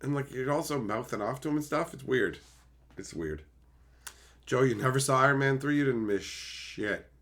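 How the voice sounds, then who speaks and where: A man hosting a casual livestream, chatting with viewers in a profane, animated way and slipping into quick silly impressions. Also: medium pitch. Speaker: livestream host. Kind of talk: casual livestream chat, reading viewer messages.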